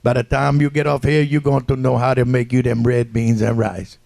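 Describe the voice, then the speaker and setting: A man voicing a gruff old Cajun riverboat captain with a Cajun accent, talking in a slow, grumbling drawl. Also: mid-range voice, level tone, a little mellow, no room sound, lightly acted.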